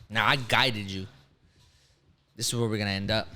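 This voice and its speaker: A man co-hosting a casual chat show, laughing often and talking in slangy, animated bursts. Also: mid-range voice, brisk. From Texas. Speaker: co-host.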